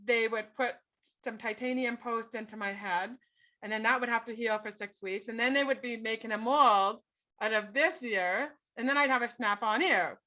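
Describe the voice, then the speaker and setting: A middle-aged woman recounts her own story as an interview guest, earnest and emphatic, often tagging her sentences with a quick "right?". Her voice is bright and sits a little high. The recording is dull and lo-fi. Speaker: guest, author. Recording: dull lo-fi podcast audio.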